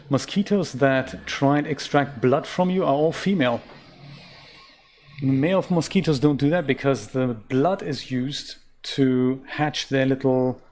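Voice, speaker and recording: A man's voice: mid-range voice, darkish tone. A man from Germany giving casual let's-play commentary on a puzzle game, chatty and self-mocking, with rambling asides. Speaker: game streamer.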